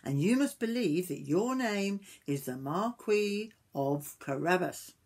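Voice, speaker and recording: A woman's voice: fairly low pitch, expressive, slow pace, a little mellow, breathy edge, exaggerated voice. An older woman voicing a clever, scheming male cat in boots in a read-aloud storybook, bold and persuasive.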